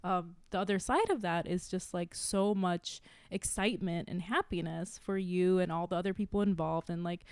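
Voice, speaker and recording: A woman's voice: fairly low pitch, normal speed, hardly any pauses, smooth, no echo. A woman in her thirties, an actress guest on a podcast, talking casually and emotionally, tearful and laughing, with many fillers. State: crying.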